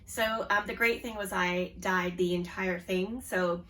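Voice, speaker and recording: A woman's voice: lowish voice, steady tone, a little slow, a bit bright, far from the mic. A woman in her forties with a Canadian accent, hosting a knitting podcast in a casual show-and-tell chat, with lots of ums. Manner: chatty, with frequent ums and restarts.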